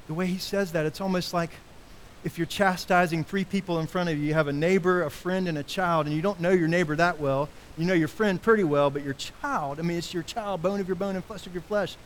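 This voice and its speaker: Animated male preacher, light hiss. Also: fairly quick, poor audio. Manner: animated preaching, rising high for quoted cries. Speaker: pastor. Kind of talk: sermon.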